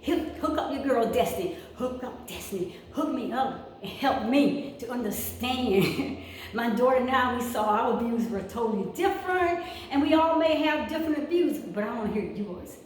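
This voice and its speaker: A woman's voice: on the high side, expressive, normal speed, a little hiss or hum. A middle-aged woman vlogging in a gym, talking in a heartfelt way and often repeating herself. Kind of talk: casual vlog talk. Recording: echoey room from far off.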